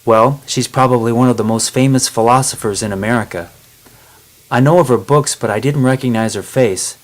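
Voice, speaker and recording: A man's voice: mid-range voice, fairly quick, lightly acted. A man voicing a knowledgeable grown man guide who explains things plainly, in a storybook reading. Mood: informative. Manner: explaining, informative.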